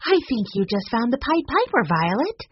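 A woman reading an audiobook, voicing a sensible, steady teenage girl. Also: fairly high pitch, moderate pace, husky, dull audio, pitched above the performer's own voice. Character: sensible older teenage sister.

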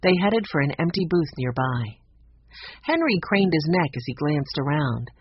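An audiobook narrator reading a children's mystery with expressive, lively storytelling. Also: medium pitch, moderate pace, husky. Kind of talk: scripted narration. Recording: dull lo-fi audio.

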